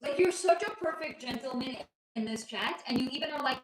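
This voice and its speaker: Her voice sits high and sounds expressive, moving briskly with few pauses as she answers viewer comments on a casual livestream from home, her child nearby. A host and spiritual reader, she teases viewers and laughs frequently. The poor audio is reverberant, with a little hiss or hum.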